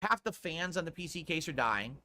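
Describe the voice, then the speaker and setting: A middle-aged man with a bright, fairly high voice chats on his livestream. He sounds defensive and rants, with frequent swearing. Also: animated, brisk. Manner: defensive, ranting, swears often. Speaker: streamer in a played clip. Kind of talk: casual stream talk.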